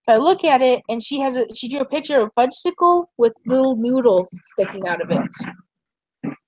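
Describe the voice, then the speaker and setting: A woman's voice: high-pitched, expressive, normal speed, a little mellow, no echo. A young woman streaming, chatting casually in a rambling, giggly way. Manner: rambling, giggly, tells stories with acted quotes. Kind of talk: casual chat. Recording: dull, muffled stream audio.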